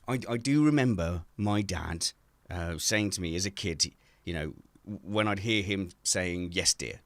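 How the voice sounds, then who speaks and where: A man hosting a casual podcast from his garden shed, self-mocking and animated as he tells stories. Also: low voice, a little slow, no echo. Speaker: podcast host.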